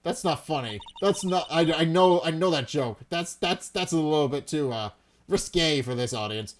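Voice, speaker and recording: A man hosting a let's-play, reading a courtroom game aloud in a wry, low-key, chatty way. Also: animated, normal speed, slight background noise.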